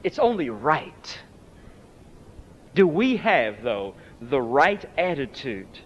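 Preaching in a husky, sing-song voice, this man takes his time and leaves long pauses. His sermon is emphatic and dramatic, rising and falling sharply in pitch and volume. Long hall reverb fills the lo-fi recording.

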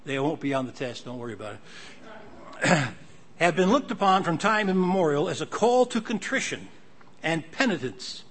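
An older man delivers a sermon in a slightly higher voice than most men. He talks through the passages in an easy, conversational way, then reads the verses aloud with building force. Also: very animated, normal speed, a bit bright. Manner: conversational Bible teaching, reads scripture aloud with rising emphasis. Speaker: preacher.

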